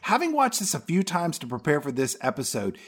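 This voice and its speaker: A man co-hosting a comedy podcast, recapping a movie with sarcasm and bursts of loud shouted impressions. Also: a little high, wildly swooping pitch, a little fast, husky. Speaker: podcast co-host.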